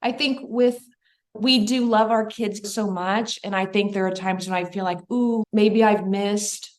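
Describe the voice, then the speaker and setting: A middle-aged woman, a podcast guest, speaking in a soft, reflective and openly emotional way. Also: mid-range voice, flat delivery, moderate pace. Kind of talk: casual podcast conversation.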